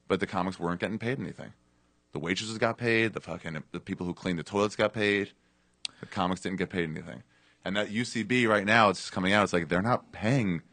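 A man telling a story in casual podcast chat, low-key and trailing off, cursing casually. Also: fast, fairly bright tone, dry recording.

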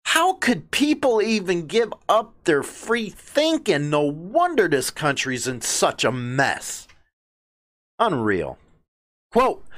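Blunt, animated Chicago man commentating. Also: high-pitched. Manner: blunt, combative, mocking asides while reading news quotes. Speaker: host of a biker news show. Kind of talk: opinionated news commentary.

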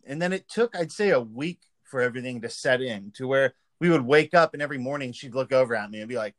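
A man in recovery speaking candidly and haltingly in casual conversation. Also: mid-range voice, lively intonation, fairly bright tone, no room sound. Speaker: guest in recovery.

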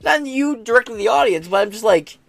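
A man's voice: very high-pitched, lively intonation, fairly quick, gravelly, a bit bright, no room sound, studio quality. An American man hosting a podcast, reacting to news clips in blunt, profane casual commentary. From United States. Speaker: podcast host.

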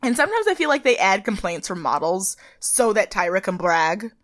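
A woman co-hosting a casual podcast chat, animated and playful, with a voice that cracks at times. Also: mid-range voice, moderate pace, no echo, studio quality. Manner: chatty, animated, playful impressions of people. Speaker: podcast co-host. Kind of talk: casual chat recapping a reality show.

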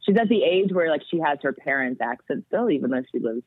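A woman guest on a podcast, chatting casually and telling stories in an animated way. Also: low voice, fast talker. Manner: animated storytelling. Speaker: guest, metal vocalist. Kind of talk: casual chat. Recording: tinny phone-like sound, dry.

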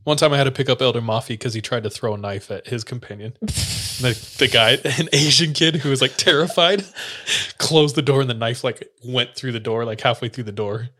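A young man in casual chat, telling stories with frequent laughter and quiet quoted asides. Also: medium pitch, brisk. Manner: laughing storyteller, drops into quiet quoted voices.

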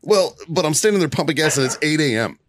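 A man's voice: a little high, fast, a little hiss or hum. A man telling a story with lots of swearing and frequent laughs in a casual podcast chat among friends. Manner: profane, laughing often, animated retelling. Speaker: podcast co-host.

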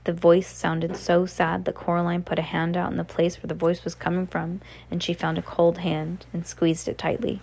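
A woman reading a novel aloud in a relaxed way, with slips and self-corrections. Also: fairly low pitch, moderate pace, vocal fry, few pauses, slight background noise. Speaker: reader.

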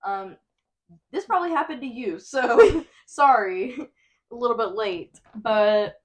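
A woman's voice: on the high side, expressive, slow. A young woman, co-hosting a podcast in casual chat and telling stories with frequent laughter. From Texas. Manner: chatty storyteller, laughs often. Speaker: podcast co-host.

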